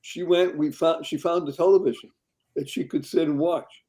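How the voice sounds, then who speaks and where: A man's voice: a little high, steady tone, moderate pace, dark tone, rough recording. A man hosting a webinar panel on a video call, often chuckling as he talks. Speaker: webinar host.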